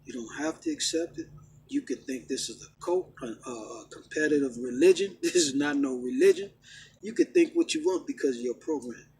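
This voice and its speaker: A middle-aged man ranting and preaching casually, emphatic and repetitive, swinging from loud outbursts to low, stern talk. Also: very animated, brisk, rough recording. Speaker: vlogger preaching his faith. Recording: faint background noise.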